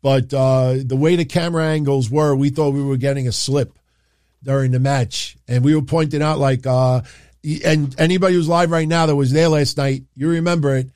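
A man hosting a casual livestream, talking in an excitable, rambling way and jumping into quick impressions. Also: mid-range voice, dry recording, studio quality. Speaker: wrestling show host.

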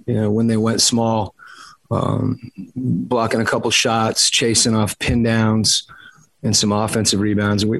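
A male basketball head coach answering press questions after a game, halting and full of fillers. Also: lowish voice, gravelly, no room sound, rough recording. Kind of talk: postgame press conference answers.

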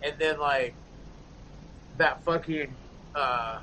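A man with a notably high-pitched voice tells a rambling, heavily profane story, thick with "like" and "you know". Faint background ambience sits under his voice. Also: slow pace, bright, forceful tone, slight background noise, poor audio. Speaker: touring band member telling a story. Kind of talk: casual chat.

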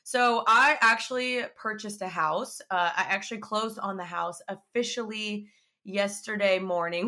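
A woman in her twenties hosting her own podcast, chatting casually and telling stories in a lively way. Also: medium pitch, measured pace. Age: 20s. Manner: chatty, animated storytelling. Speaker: podcast host. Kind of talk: casual chat. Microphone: podcast microphone.

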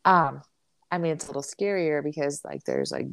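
A woman in casual chat, talking about her husband and family in a chatty, animated way with many fillers. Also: sits low, brisk, gravelly, dry recording. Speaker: podcast co-host, military spouse.

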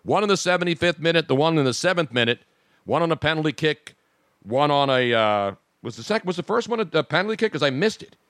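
Animated sports talk host, man. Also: a little high, fast, no room sound, clean studio sound. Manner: excitable, animated, cutting into breaking news. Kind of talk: live sports talk stream.

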